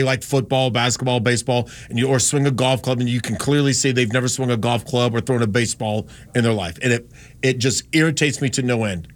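A man in his fifties from the American South, a radio host with a light Southern accent, talking in a rambling, opinionated way and correcting himself often. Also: medium pitch. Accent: Southern US, Carolinas. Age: 50s. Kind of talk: casual radio talk.

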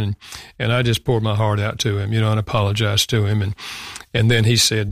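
A man's voice: on the low side, a little fast, dry recording, clean studio sound. An older man, a guest author, telling a personal parenting story in an earnest, reflective way, often saying "you know". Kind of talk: conversational storytelling.

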